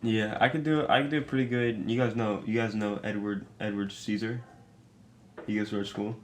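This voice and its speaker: A man's voice: fairly low pitch, fairly even intonation. A young man co-hosting a casual podcast, teasing his friends and laughing between remarks. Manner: teasing, laughing, quick asides. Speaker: podcast co-host. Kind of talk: casual chat among friends.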